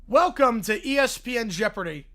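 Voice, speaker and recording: A man's voice: extremely high pitch, expressive, moderate pace, a bit bright. A man reading a fan script aloud in the delivery of a male game-show host. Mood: announcing. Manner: announcer-style delivery.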